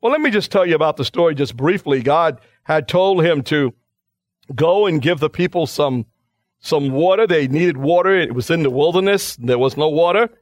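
A male pastor delivers a radio sermon with strong emphasis, swinging his voice up and down as he makes each point. His voice sits a little high for a man and sounds close and dry, with no room around it. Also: expressive, moderate pace, no room sound. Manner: emphatic, dramatic preacher, acts out quoted lines.

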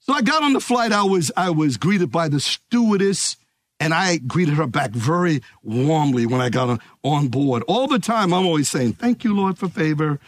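A man preaching a sermon, emphatic and calling out to his congregation, easing into relaxed stories. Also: fairly high pitch, moderate pace, dry recording, studio quality. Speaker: pastor.

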